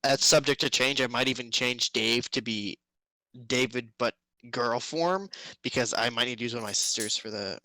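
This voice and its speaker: A teenage boy chatting on a stream call, excitable and teasing, often stumbling over his words. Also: mid-range voice, normal speed, no room sound, rough recording. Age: teens. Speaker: co-host on a call. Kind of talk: casual stream chat.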